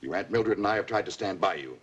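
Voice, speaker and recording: A man's voice: sits low, lively intonation, quick pace, slightly rough, dull audio. An actor playing a stern, worn-out father scolding his daughter in a 1950s TV drama. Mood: angry. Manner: stern, scolding, rising to shouts.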